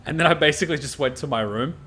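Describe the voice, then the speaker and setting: A man's voice: fairly high pitch, rapid-fire, sharp tone, a little hiss or hum. An Australian man streaming a game reaction, telling a rambling casual anecdote full of fillers and laughter.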